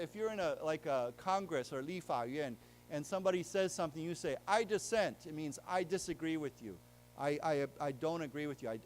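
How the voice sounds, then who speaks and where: In a library lecture room before a live audience, a man whose voice is a little high and a little mellow leads an English vocabulary lesson against slight background noise. Patiently checking that people follow, he explains words plainly and gets the room to repeat them.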